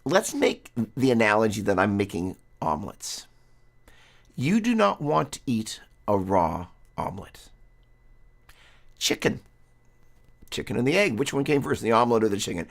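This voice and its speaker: With a creaky, mid-range voice, a man runs a laid-back guitar lesson on a live stream. His talk wanders and chatters along, and he often cuts himself off partway through a sentence to say hello to viewers.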